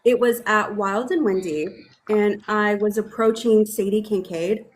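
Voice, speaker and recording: A woman author telling an animated story in casual chat on a video call, swearing freely. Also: mid-range voice, a little slow, a little hiss or hum. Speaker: author, interview guest.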